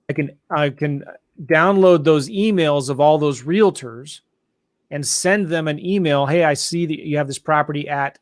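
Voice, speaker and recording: A man hosting a live online tutorial, talking excitedly and addressing viewers directly as guys. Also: on the high side, dry recording, clean studio sound. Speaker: show host. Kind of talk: enthusiastic live tutorial chat.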